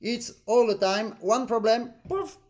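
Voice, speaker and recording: A man with a high voice gives a live online accordion master class over a video call. His English has non-native phrasing. He often sings rhythmic syllables to show how a passage should sound. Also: lively intonation, moderate pace, darkish tone. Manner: explains with sung syllables to demonstrate phrasing. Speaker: accordion teacher.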